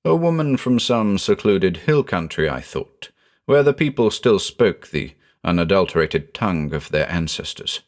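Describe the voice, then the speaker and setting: A man giving a measured, brooding scripted narration of a horror story. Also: sits low, big pitch swings.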